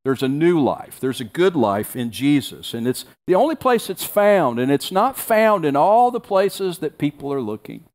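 A man's voice: on the high side, sing-song, moderate pace, few pauses, darkish tone. A male pastor preaching a sermon, reading scripture aloud and repeating key phrases for emphasis.

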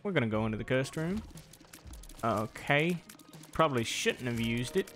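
Here a young gaming creator narrates his playthrough in a casual, chatty way, taunting the enemies on screen. He speaks at a moderate pace in an animated, medium-pitched, slightly bright voice, over faint game music.

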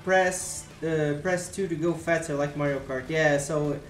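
A man's voice: fairly high pitch, steady tone, unhurried, reverberant, a little hiss or hum. Joking man hosting a game stream. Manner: joking, teasing. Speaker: stream host gamer. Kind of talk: casual gameplay chat.

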